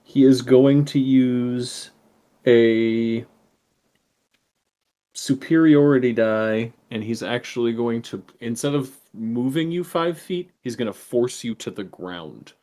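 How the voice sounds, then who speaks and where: A man running a tabletop game as game master, making quick casual rulings. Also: mid-range voice, mellow.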